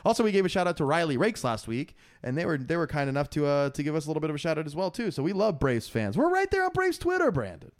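A man's voice: fairly high pitch, very animated, fast talker, few pauses. A young man co-hosting a casual podcast from his apartment bedroom, joking and teasing his co-host.

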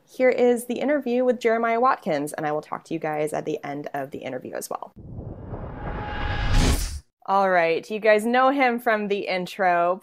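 A young woman hosting a podcast interview in casual chat, enthusiastic and quick to laugh. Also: mid-range voice. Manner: lively, laughs often, enthusiastic. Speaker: podcast host.

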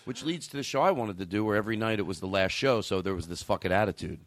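A man hosting a podcast chats casually, his fast, fairly low voice running through rambling, profanity-laced stories with plenty of restarts. He uses a studio mic and has a caller on the line.

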